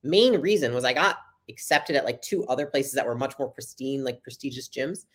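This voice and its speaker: A woman's voice: very deep voice, expressive, breathy edge. A young adult woman, a podcast guest, telling her story in a casual, chatty interview and acting out the dialogue. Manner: fast, chatty, acts out quoted dialogue.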